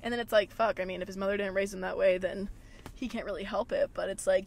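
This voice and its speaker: A woman's voice: medium pitch, steady tone, fast, gravelly. Chatty young woman swearing freely. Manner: chatty, swears a lot, heavy filler "like". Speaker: podcast host. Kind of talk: casual solo podcast chat. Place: parked car at a gas station.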